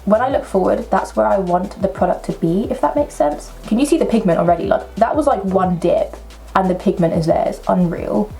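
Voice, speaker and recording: Brief: young woman vlogger, mid-pitched, chatty and excitable, jokes at her own expense while doing makeup. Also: brisk, vocal fry, faint music behind. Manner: chatty, excitable, self-mocking asides. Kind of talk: casual makeup tutorial chat. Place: at home at a table.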